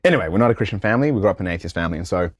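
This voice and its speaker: A man tells stories in a casual interview, slangy and lively, jumping into other people's voices as he goes. His voice sits low. The sound is close and dry. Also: rapid-fire, no echo. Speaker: guest.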